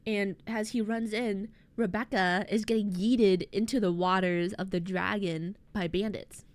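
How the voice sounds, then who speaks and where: A woman streaming as a VTuber, recapping a story to her chat in a rambling, animated way, full of fillers and internet slang. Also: medium pitch, measured pace, no echo.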